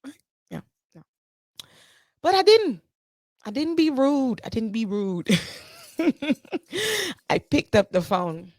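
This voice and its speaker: A woman hosting a podcast, telling a story in a casual, animated monologue and repeating herself for emphasis. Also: a little high, slow, pauses often, no echo, clean studio sound. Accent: playful put-on Jamaican-style lilt at times. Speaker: podcast host.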